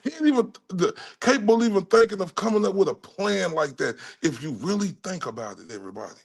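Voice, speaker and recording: Male streamer from Dallas with a gravelly voice, ranting angrily and swearing constantly. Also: high-pitched, big pitch swings, quick pace. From Dallas, Texas. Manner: furious, heavily profane ranting. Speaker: livestream host. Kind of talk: angry profane livestream rant.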